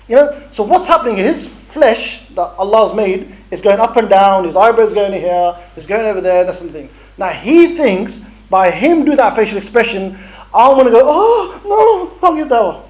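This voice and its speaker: Give me a high-pitched man coaching a group, storytelling and joking as he goes. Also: a little mellow, poor audio. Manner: chatty, bantering, storytelling with slang and Arabic phrases. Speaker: dawah instructor. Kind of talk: animated training talk to a group.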